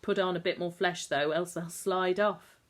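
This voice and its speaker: A blunt old countryman with a gruff, steady manner and homely rustic phrasing, put on by a woman reading a storybook. The voice sits low, a touch louder and firmer than the narration around it. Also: normal speed, lightly acted. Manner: blunt, plain-spoken, rustic turns of phrase.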